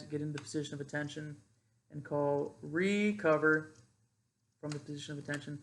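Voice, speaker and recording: Young male cadet teaching drill calls; somewhat high, gravelly, easygoing delivery. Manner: demonstrates loud drill cadence calls between casual explanation. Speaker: ROTC cadet instructor. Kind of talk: informal instructional explanation.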